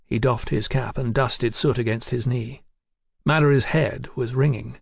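A male audiobook narrator with a gravelly, mid-pitched voice and a measured delivery. The recording is dry and close, with no room sound around it. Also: fairly even intonation, dry recording.

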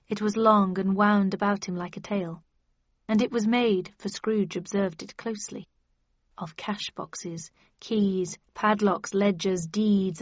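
A woman reading a first-person novel aloud in measured storytelling. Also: mid-range voice, no echo, lo-fi sound. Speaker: audiobook narrator. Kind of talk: scripted first-person narration.

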